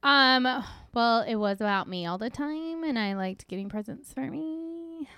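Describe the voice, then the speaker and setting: A woman's voice: a little high, expressive, a little slow, sharp tone, clean tone, no room sound. A woman in her thirties co-hosting a casual faith podcast, chatting with lots of "like" and "you know". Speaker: podcast co-host.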